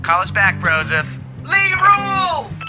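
A man's voice: very high-pitched, huge pitch swings, slow, exaggerated voice. A man playing a goofy male rocker leaving a laid-back, chummy voicemail, with music behind him. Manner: laid-back, dude-speak.

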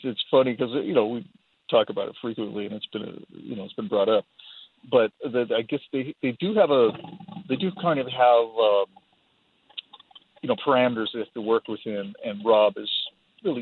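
A man talking casually as a guest in a phone interview, rambling and self-deprecating, often repeating his words. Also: medium pitch. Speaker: guitarist guest. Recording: tinny phone line, husky.

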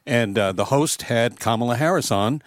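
A man in casual talk introducing clips in a matter-of-fact, sardonic way. His pitch is middling and the sound is dry and close. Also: normal speed, no room sound. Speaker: co-host. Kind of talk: casual political chat.

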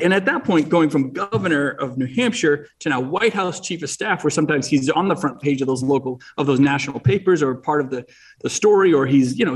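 A man's voice: a little high, far from the mic. A middle-aged man from New England, talking as an interview guest in a rambling way, with many restarts and fillers. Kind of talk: casual interview chat.

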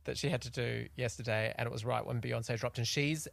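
An Australian woman co-hosting a podcast, telling animated stories and acting out what people said. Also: very deep voice, brisk, creaky, no echo. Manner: animated storyteller, acts out quotes. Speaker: podcast co-host. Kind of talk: casual chat.

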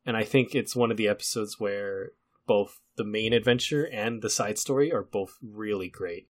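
A man's voice: lowish voice, moderate pace. A man co-hosting a podcast, steering a casual chat in an easygoing, chatty way. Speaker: podcast co-host steering the discussion.

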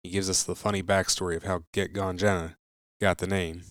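A man hosting a podcast, giving plain, steady introductions. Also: sits low, brisk, dry recording. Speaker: podcast host.

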